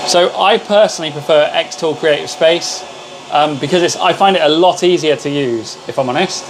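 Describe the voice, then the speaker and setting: A livestream host chats casually with his viewers from a home workshop full of laser machines, calling them mate as he greets them. His voice is fairly high and moves at a normal speed, with machine hum running underneath.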